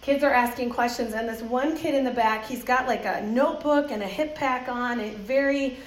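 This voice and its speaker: Her voice on the high side and her pace moderate, a woman shares stories with a church audience about children's ministry. She's lively, laughs a lot, and performs the voices of those she quotes, all in an echoey hall.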